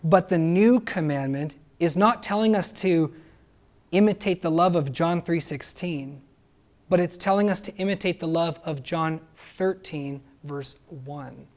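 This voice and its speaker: A man preaching a sermon, earnest and emphatic, often pausing to ask his listeners rhetorical questions. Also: on the high side, darkish tone. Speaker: pastor.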